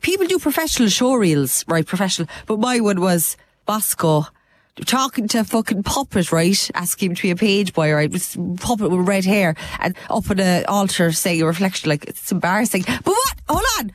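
An Irish woman with a Cork accent and a blocked-up nose, hosting a podcast and telling stories in a chatty, animated way. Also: medium pitch. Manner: chatty, animated storyteller, quick laughs. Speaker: podcast co-host. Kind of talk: casual chat.

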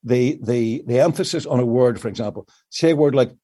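Speaking briskly in a mellow, mid-range voice, an older male songwriter gives long, reflective interview answers about how he writes, frequently starting over mid-thought.

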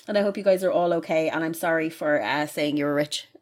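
A woman's voice: sits low, fast. A woman hosting a casual chat, reading out listener questions, chatty and laughing often, swearing freely.

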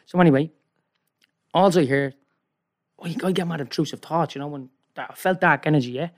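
A man with an Irish accent telling a rambling, animated story as a guest, often checking in with "right?". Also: on the high side, brisk. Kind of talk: casual storytelling.

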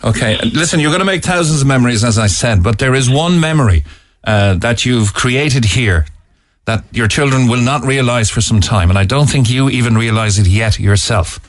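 In a mid-range voice at a moderate pace, an Irish presenter with a Cork accent reads listener texts on studio talk radio. He sounds earnest, leaning on "uh" fillers and restarting lines, with no echo on the studio mic.

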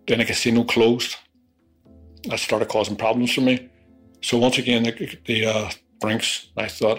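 Man, husky voice, rambling profane storytelling, middle pitch. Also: level tone, measured pace, fairly bright tone, soft background music. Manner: rambling, profane, peppered with "you know". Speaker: interviewee. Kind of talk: confessional storytelling.

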